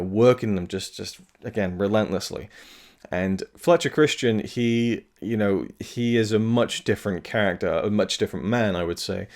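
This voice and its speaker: A man's voice: low voice, darkish tone. A man giving a casual, rambling spoken film review, earnest and full of fillers and restarts, now and then swearing.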